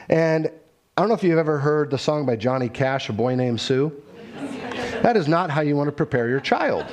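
A middle-aged man preaching a sermon in an earnest, conversational way, with quick asides. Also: a little high, darkish tone. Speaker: pastor.

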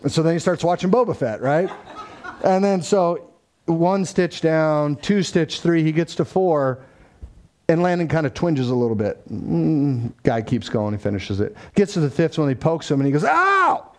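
Chatty storyteller man, slightly high voice. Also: moderate pace, dark tone. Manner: conversational, acts out quoted dialogue, frequent fillers. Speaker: father telling a family story. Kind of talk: casual faith-tinged storytelling.

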